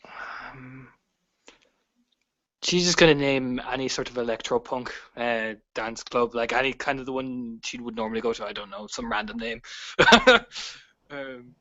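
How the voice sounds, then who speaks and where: A man's voice: mid-range voice, measured pace, pushed and bright, dull audio. A man casually narrating and voicing his character in a tabletop game, with hedges and small laughs. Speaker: player.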